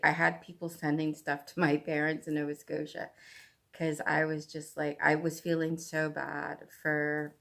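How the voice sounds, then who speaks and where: A woman's voice: sits low, vocal fry, a bit bright. A Canadian woman hosting a cross-stitch vlog, chatting casually in a rambling way with lots of asides. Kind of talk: casual chat.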